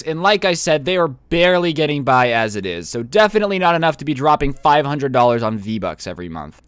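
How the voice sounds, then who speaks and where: Brief: young guy, storytime narrator, talks straight to the listener, sits a bit higher in pitch. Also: fairly bright tone, dry recording. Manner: chatty, addresses listener directly with asides. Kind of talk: casual storytelling.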